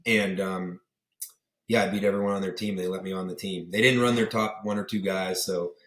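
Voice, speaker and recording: A man's voice: low-pitched, fairly even intonation, a little fast, a bit bright, reverberant. A young man from the Pittsburgh area, a podcast guest chatting casually and rambling through stories with many fillers, acting out the voices of people he quotes. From Pittsburgh area, USA. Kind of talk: casual interview chat.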